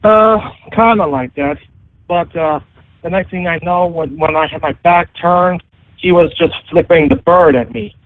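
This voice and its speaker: A man with a somewhat raised voice calls in to tell a story, hesitant and halting, filling gaps with little sounds. His voice comes over a dry, tinny phone line with no room sound at all. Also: a little high, dry recording. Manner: hesitant, full of fillers. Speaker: caller. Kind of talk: telling a story on a call-in show.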